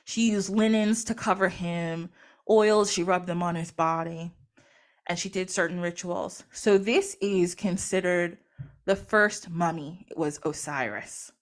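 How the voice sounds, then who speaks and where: A woman retelling a myth in casual storytelling style, chatty, acting out the characters through quoted dialogue. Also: on the low side. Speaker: podcast host or guest.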